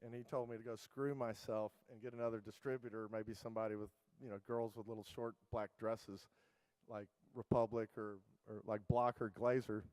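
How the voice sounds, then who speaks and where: Man, middle-aged, keynote speaker, rambling casual anecdotes, lots of fillers, smooth resonant voice, dry sound. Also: on the low side, flat delivery, normal speed, a little mellow, no echo, low-quality recording. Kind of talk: conference keynote storytelling.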